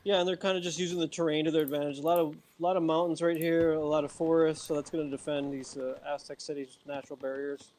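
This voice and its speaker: A man co-commentating a strategy game match in a relaxed, agreeable way with loose phrasing. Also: on the high side, fast talker, few pauses. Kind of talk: esports commentary.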